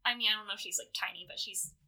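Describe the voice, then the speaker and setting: A woman hosts a podcast where she presents fan awards, chatting casually and packing her talk with "like." Her mid-range voice is very fast with a sharp tone.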